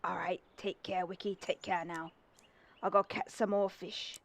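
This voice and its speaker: A woman voicing a gruff old male fisherman in a game, with a put-on accent that keeps wandering. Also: fairly low pitch, flat delivery, a little slow, noisy background. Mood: haggling.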